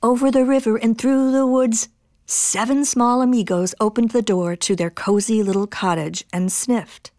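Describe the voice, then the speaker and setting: A woman reading a children's picture book aloud in an expressive, bouncy storytelling manner. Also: a little high, moderate pace, no room sound, studio quality. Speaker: storybook reader.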